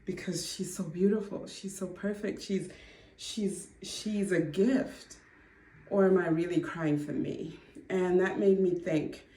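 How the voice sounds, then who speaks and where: A woman's voice: on the low side, fairly even intonation. Earnest woman, roomy distant sound. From Zimbabwe. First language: Ndebele. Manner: earnest, reflective, quick to laugh softly. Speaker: mother sharing her testimony. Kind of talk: personal faith testimony.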